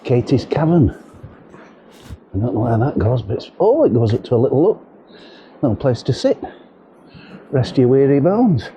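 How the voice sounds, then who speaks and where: A man's voice: medium pitch, very animated, normal speed, long pauses, dark tone. A middle-aged man, chatting casually and jokingly as he walks and films through windy outdoor steps and narrow yards. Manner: chatty, jokey, rambling with ums. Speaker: vlogger. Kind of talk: casual walking vlog. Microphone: camera mic with windshield.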